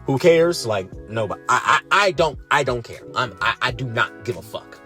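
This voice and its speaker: A young man ranting sarcastically through a wrestling show review, swearing freely and pitching his voice up in disbelief. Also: very animated, normal speed, few pauses, sharp tone, soft background music. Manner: profane, sarcastic, exasperated, voice rising in disbelief.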